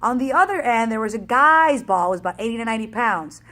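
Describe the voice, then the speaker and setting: A woman fitness coach telling a race story in a casual, energetic, chatty way, acting out the back-and-forth. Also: on the high side, fast.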